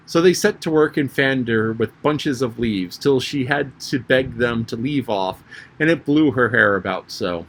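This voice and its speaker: A man's voice: medium pitch, expressive, moderate pace, a bit bright. Man reading a storybook aloud. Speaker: narrator. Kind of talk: audiobook reading.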